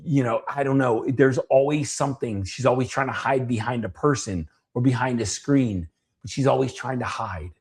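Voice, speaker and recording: A man's voice: mid-range voice, darkish tone. A man, a coach hosting his own show, telling a story in a casual, earnest way with frequent restarts and the odd swear word. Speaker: coach and podcast host.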